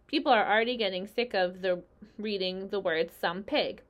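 A woman voicing a calm, clever female spider who leads a meeting, speaking in a crisp, dry and slightly stern way. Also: mid-range voice, normal speed, lo-fi sound, lightly acted. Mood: brisk.

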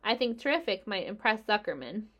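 A woman voices a calm, clever female spider leading a meeting, speaking crisply, dryly and a little sternly. Her voice is medium-pitched, and her pace and mood are both brisk.

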